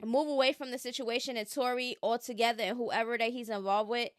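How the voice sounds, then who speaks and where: A woman's voice: on the high side, steady tone, normal speed, hardly any pauses, no room sound, clean studio sound. A woman hosting a casual gossip commentary, talking in an opinionated, chatty way and drawing out her emphasis. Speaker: commentary channel host.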